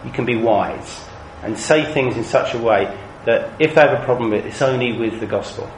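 A British man leading a training session for Christian youth workers, talking in a lively, animated storytelling way. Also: mid-range voice, a little fast, slight background noise. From Britain. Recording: echoey room, faint ambience.

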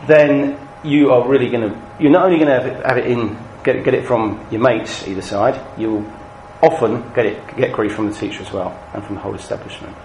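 A British man leading a training session for Christian youth workers, talking in a lively, animated storytelling way. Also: mid-range voice, a little fast, few pauses, slight background noise. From Britain. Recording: echoey room, faint ambience.

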